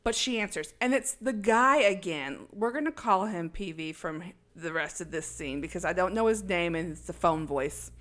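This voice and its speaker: A woman in a relaxed podcast chat walks through a film scene by scene. She talks in a chatty, irreverent way, jokes along the way, and puts on the voices of the characters she quotes. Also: on the low side, normal speed, few pauses. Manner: chatty, irreverent, acts out quoted lines with laughs. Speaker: podcast co-host recapping a film. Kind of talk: casual chat.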